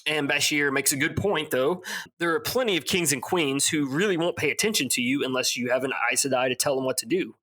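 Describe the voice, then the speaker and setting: A young man co-hosting a podcast, casually recapping a fantasy novel with frequent laughs and quick asides. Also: on the high side, bright, forceful tone. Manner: recaps plot with laughs and mock character voices. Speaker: podcast co-host. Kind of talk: casual podcast book discussion.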